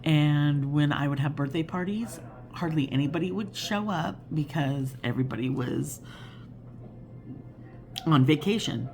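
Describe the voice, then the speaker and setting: A woman's voice: low-pitched, measured pace, long pauses, darkish tone, a little hiss or hum. A woman in her fifties hosting a casual crafting chat, rambling and chatty and laughing often. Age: 50s. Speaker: crafting channel host.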